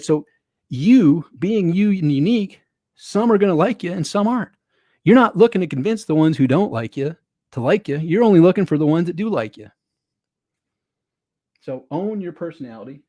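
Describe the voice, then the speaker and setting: Motivational male coach, lively and conversational, slightly high voice, dry recording. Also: no room sound. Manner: energetic, repetitive, conversational with rhetorical questions. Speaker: online business coach. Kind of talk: motivational webinar talk.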